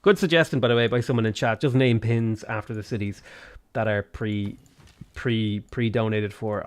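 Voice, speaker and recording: Dublin Irish male streamer, casual live commentary, quick to swear at the game. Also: on the low side, steady tone. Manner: chatty, swears freely, bursts of exasperation.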